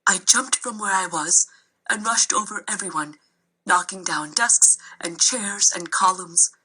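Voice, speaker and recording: A woman narrating a children's novel aloud in a steady storytelling way. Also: medium pitch, a little slow, breathy edge, rough recording. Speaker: reader.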